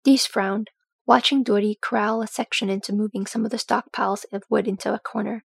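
A woman reading a fantasy chapter aloud in a steady, measured storybook narration. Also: medium pitch, vocal fry, husky, dry recording. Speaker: audiobook reader. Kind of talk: storybook narration of fan fiction.

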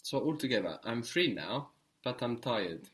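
A man teaching a spoken language lesson, patiently prompting his student and repeating each answer slowly. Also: medium pitch, expressive, a bit bright.

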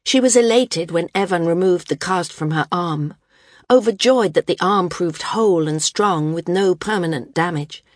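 A woman narrating an audiobook in a calm, even storytelling manner. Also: fairly low pitch, moderate pace, no echo, studio quality. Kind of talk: scripted narration.

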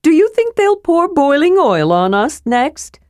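A woman's voice: high voice, sing-song, measured pace, darkish tone, no room sound, clean studio sound, voice pushed up. A woman reading an audiobook voices a cheerful, curious male kender with an eager, chirpy manner.

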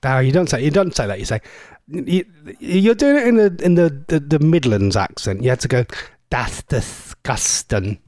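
A man's voice: on the high side, sing-song, brisk, darkish tone, dry recording. A man from Norfolk with a Norfolk accent, hosting a radio show in a playful, teasing chat that coaxes listeners. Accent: Norfolk English. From Norfolk, England. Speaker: radio host.

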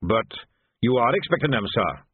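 A gruff old sergeant as a male narrator puts him on, barking rough commands with broken grammar in a husky, lively voice. The sound is tinny and phone-like, dry and close. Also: medium pitch, moderate pace, no room sound. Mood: reassuring. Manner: rough barked commands, ungrammatical speech.

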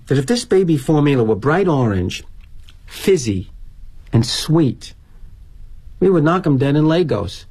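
A man's voice: a little high, darkish tone, breathy edge. A middle-aged man performing a theatrical monologue as a corporate executive, wry and sardonic in a confiding tone.

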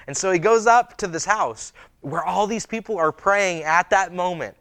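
A man preaching a sermon, reading scripture aloud and then retelling it in lively, casual words with many fillers. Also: high voice, normal speed, dry recording. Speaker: pastor.

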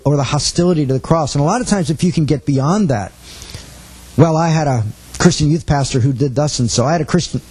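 A middle-aged preacher with a somewhat raised pitch and a breathy, husky edge to his voice. He teaches by telling stories, slipping earnestly into the voices of the people in them. His delivery is plain and conversational. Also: darkish tone, rough recording. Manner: storytelling with acted quotes, earnest. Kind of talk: sermon-style teaching talk.

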